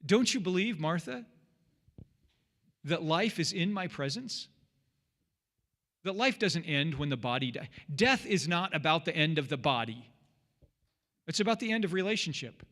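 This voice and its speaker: A man's voice: on the high side, sing-song, moderate pace, long pauses, fairly bright tone, in a large hall. A man voicing a patient, pleading male teacher of faith, coaxing and urgent as he retells a scene in a sermon.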